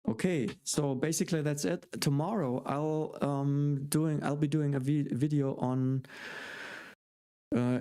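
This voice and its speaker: Hesitant German-accented man, mellow voice. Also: mid-range voice, smooth. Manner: rambling, hesitant with many fillers and restarts. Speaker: host. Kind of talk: live-stream Q&A chat.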